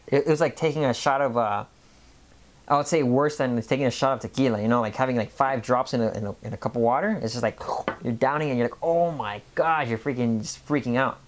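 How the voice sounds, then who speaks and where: Casual vlogger of Mexican background, rambling monologue, mid-pitched voice, lots of restarts. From Mexican family background. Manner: rambling, many restarts and repeated words. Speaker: health vlogger.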